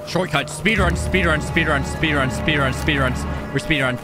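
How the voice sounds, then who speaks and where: A young man streaming a horror game, excitable, shouting and chatting to his viewers. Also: on the high side, moderate pace, loud music behind the voice. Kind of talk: gaming let's play.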